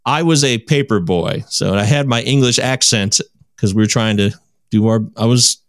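A man in his forties, a guest in a casual chat, telling stories with animated, self-mocking humor. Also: medium pitch, moderate pace, no room sound, studio quality.

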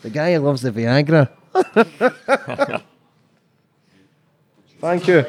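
A man's voice: on the high side, big pitch swings, very slow. A Scottish man with a Glasgow accent hosting a casual podcast, trading sweary banter and laughing a lot. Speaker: podcast host.

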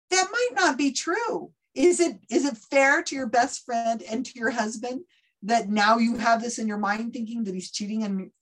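A woman talking casually in an interview, animated and quick to act out other people's voices as she tells a story. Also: a little high. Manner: animated, acts out quoted voices mid-story. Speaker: guest skeptic of psychics. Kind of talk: conversational interview.

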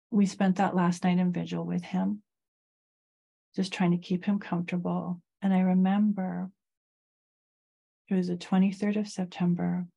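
A middle-aged woman speaks slowly and reflectively, her low voice dark and mellow. There is a gravelly fry through her words, and her pitch stays fairly even as she tells a personal story. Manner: slow, reflective telling of a grief story. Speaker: guest.

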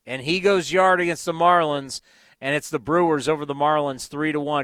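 A man hosting a radio sports show, reading out scores and breaking into excited outbursts. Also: on the high side, moderate pace, clear, resonant tone, no room sound. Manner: excitable, bursts into loud exclamations. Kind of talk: scoreboard rundown.

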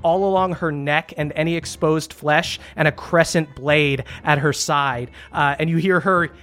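A man narrating as the game master of a tabletop role-playing game, relaxed and easily amused. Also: fairly high pitch, a little slow.

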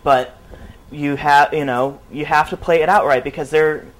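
A man with a slightly higher voice co-hosts a loose garage podcast chat. He argues his points and cuts in with quick quips. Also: fairly even intonation, fairly bright tone, rough recording. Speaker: podcast co-host. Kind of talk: casual chat.

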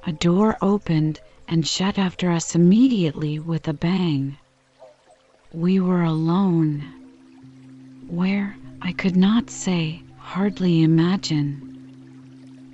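A woman with a low, dark, mellow voice reads a bedtime story at a very slow, soothing pace. The sound is a little muffled, with faint music behind her. She reads calmly and steadily, never hurrying. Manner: calm, soothing, unhurried. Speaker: audiobook reader.

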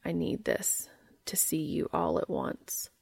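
A deep, gravelly-voiced serious man, as a woman reads him aloud, speaking low, slow and deliberate. His tone stays earnest and tender, in a dry, close reading. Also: a little mellow, dry recording, in a whisper, exaggerated voice.

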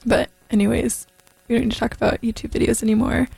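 Young woman radio host, kinda high voice, chill and giggly, lots of ums, studio chat. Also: fast talker, vocal fry, husky, no echo, low-quality recording. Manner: relaxed, filler-heavy, giggly. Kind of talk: casual on-air chat.

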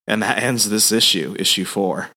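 A man co-hosting a casual podcast, recapping a story in an animated way. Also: mid-range voice, normal speed. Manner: animated storyteller, slips into voices. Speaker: podcast co-host. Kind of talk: casual chat, recapping a comic.

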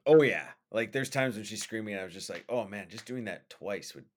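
A man co-hosting a podcast, talking about films in an animated way with lots of fillers, often acting out lines from scenes. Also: on the low side, brisk. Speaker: podcast co-host. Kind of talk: casual film discussion.

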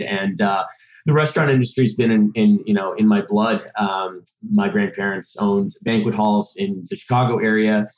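A man in his thirties from Massachusetts, a podcast guest chatting casually and rambling with lots of fillers and restarts. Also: fairly low pitch. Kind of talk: casual chat. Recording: roomy echo.

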